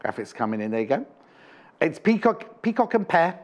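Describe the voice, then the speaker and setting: A man's voice: on the high side, big pitch swings, normal speed. A man presenting a live home shopping TV show, chatting about fabrics and prices with jokey, teasing asides in a studio. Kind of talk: live TV sales chat.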